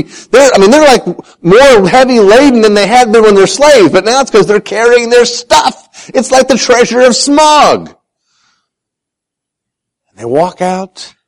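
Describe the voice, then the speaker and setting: A man's voice: high-pitched, poor audio. A man preaching a sermon, telling Bible stories with self-deprecating humor and acting out the voices he quotes. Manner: animated, acts out quoted voices.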